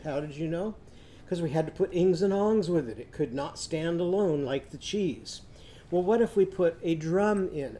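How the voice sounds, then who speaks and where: A man's voice: a little high, warm tone. A man teaching a children's literacy lesson, patient and sing-song, often singing lines for kids to repeat.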